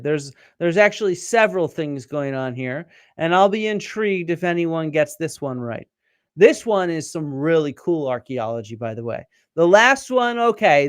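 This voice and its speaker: A man's voice: on the high side, clean tone, dry recording, clean studio sound. A man hosting a live-streamed archaeology lecture, explaining step by step, quizzing viewers and answering their comments. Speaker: archaeologist host.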